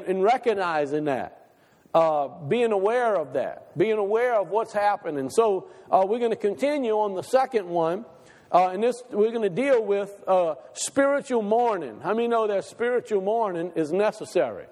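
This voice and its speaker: A man with a notably high voice preaches a Sunday sermon, asking the congregation question after question and repeating his points for emphasis. A long reverb from a large hall trails each phrase. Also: lively intonation, moderate pace, a little mellow. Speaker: pastor. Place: church sanctuary.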